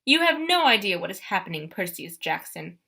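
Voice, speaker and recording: In an audiobook, a woman puts on a menacing male monster who sneers at children with stiff, formal menace. The voice is bright and pointed, and it swings through a wide pitch range. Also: sing-song, brisk, vocal fry, husky, full character voice. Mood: taunting. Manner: cold, formal, mocking. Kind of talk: audiobook character voice.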